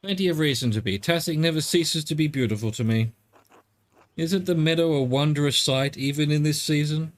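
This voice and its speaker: A man's voice: on the high side, moderate pace, lightly acted. A man voicing a grieving, devout old widowed father, reading game dialogue aloud in a subdued storytelling way. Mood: fond. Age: older.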